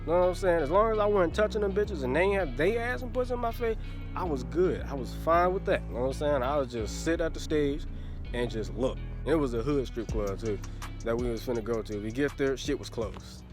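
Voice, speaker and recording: A man's voice: fairly high pitch, animated, brisk. A man in his twenties telling a crude storytime vlog into his phone, laughing often and repeating a filler phrase. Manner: crude, laughing, keeps saying "you know what I'm saying". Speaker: vlogger. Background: faint background music.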